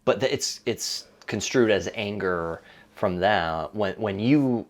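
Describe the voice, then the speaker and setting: Woman co-host, very deep voice, calm and affirming. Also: takes it slowly. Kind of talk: podcast conversation.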